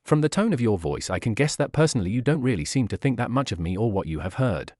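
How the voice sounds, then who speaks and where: A man reading aloud as a calm, protective teenage boy ninja in a fan story. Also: mid-range voice, fast talker, no room sound, studio quality. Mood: firm. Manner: impassive, firm.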